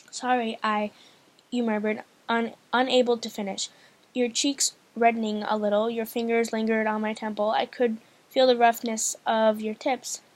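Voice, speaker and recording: A woman who hosts a channel reads a novel aloud in a casual, hesitant manner, often stumbling, restarting lines and using fillers. Her voice is fairly high, her delivery flat, her speed normal.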